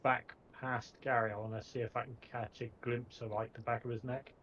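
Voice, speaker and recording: A man playing a tabletop game, talking in a casual, low-key way. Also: flat delivery, brisk, fairly bright tone. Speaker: player. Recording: slightly dull mic.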